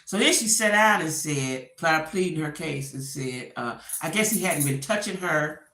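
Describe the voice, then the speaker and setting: A woman's voice: sits low, normal speed, roomy sound. A woman doing casual gossip commentary, acting out the quotes as she retells a story. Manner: animated storytelling, acts out quotes.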